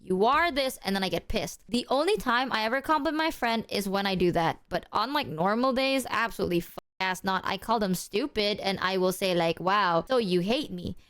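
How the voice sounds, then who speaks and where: A woman's voice: mid-range voice, expressive, a little fast, few pauses, fairly bright tone, clean tone. A young adult woman streaming casually, rambling with lots of fillers, swearing and talking to her chat. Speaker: VTuber streamer.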